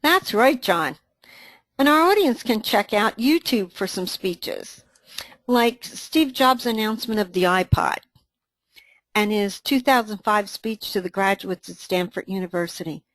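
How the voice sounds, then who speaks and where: A woman co-presenting a training webinar, reading a scripted dialogue in an even, instructive way. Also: medium pitch, measured pace, no echo.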